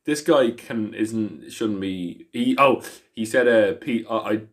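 A man's voice: lowish voice, takes it slowly. A man co-hosting a podcast in casual chat, rambling through stories with frequent restarts and swearing. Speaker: podcast co-host.

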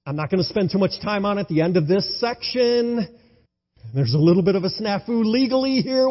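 A male pastor preaching an enthusiastic sermon, swinging between loud exclamations and hushed tones. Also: high-pitched, breathy edge. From United States. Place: church sanctuary. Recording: dull, lo-fi sound in a reverberant hall.

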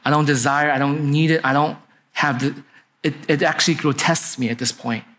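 A male pastor preaching in a loose, chatty way, telling a story and often asking his listeners "right?" to keep them with him. His voice sits a little higher than most men's. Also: steady tone, a little fast, fairly bright tone. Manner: conversational, often asks "right?" to the congregation. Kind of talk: sermon storytelling.

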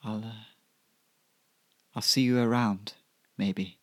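A man's voice: lowish voice, fairly even intonation, takes it slowly, dry recording, studio quality. A man voicing a flustered, evasive wife who stammers and hesitates.

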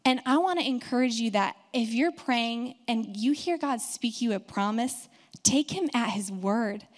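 Fervent woman pastor preaching. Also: fairly high pitch. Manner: emphatic, builds to fervent proclamation. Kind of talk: sermon.

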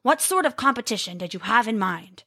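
A woman's voice: fairly high pitch, expressive, brisk, vocal fry, sharp tone, heavily acted. A woman voicing a proud, commanding male giant king who mocks his guests in a storybook. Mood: haughty.

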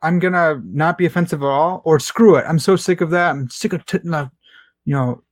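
A man's voice: on the high side, normal speed, no echo, studio quality. A man co-hosting a casual podcast chat, talking animatedly and acting out quoted people. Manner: animated, acts out quoted voices. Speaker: podcast co-host.

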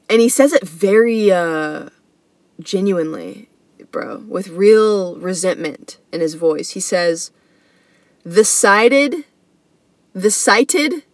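A woman's voice: mid-range voice, darkish tone, dry recording. A woman hosting a comedy podcast, telling a story in a slangy, earnest, casual way. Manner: slangy and earnest, says bro and dude.

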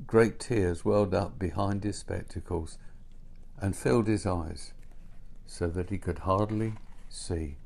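A man gently reading a storybook aloud in an unhurried way. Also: sits low, fairly even intonation, vocal fry. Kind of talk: storybook narration.

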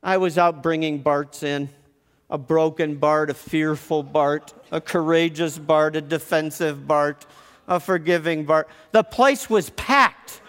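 A man telling a personal story in an animated way, often restarting with quick repeated words. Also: a little high, big-room sound.

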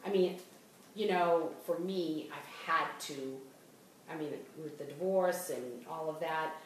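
A woman's voice: deep voice, slow pace, slight background noise. A middle-aged woman with a Boston accent, hosting a casual podcast chat. She talks in a chatty way, restarts her sentences often and laughs as she talks. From Boston area. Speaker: host. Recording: echoey room, voice far from mic.

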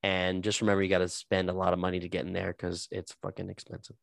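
Guy cohosting a podcast, excited rambling story, swears a lot, dead dry room. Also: low voice, quick pace, gravelly, no room sound. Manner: animated storytelling, swearing, many fillers. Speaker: podcast co-host. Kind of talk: casual chat.

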